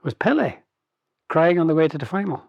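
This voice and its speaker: A man's voice: on the high side, lively intonation, fairly quick, creaky, slightly rough, dry recording, highs cut off. A man co-hosting a podcast in casual chat, amused and often laughing as he teases his co-host with questions.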